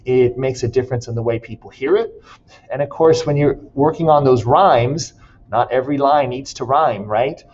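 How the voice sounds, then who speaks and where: A man's voice: mid-range voice, normal speed, darkish tone, dull audio. A man teaching a class, chatty and jokey, laughing at his own puns. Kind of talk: classroom lesson with jokes.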